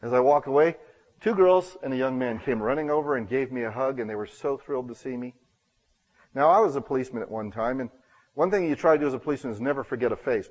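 A man's voice: medium pitch, poor audio. Earnest male pastor telling a story. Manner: earnest, self-deprecating storyteller who acts out dialogue. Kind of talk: storytelling sermon.

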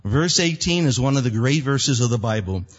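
A man preaching a sermon as pastor, animated and acting out prayers in little character voices. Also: mid-range voice, moderate pace. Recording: dull lo-fi church hall recording.

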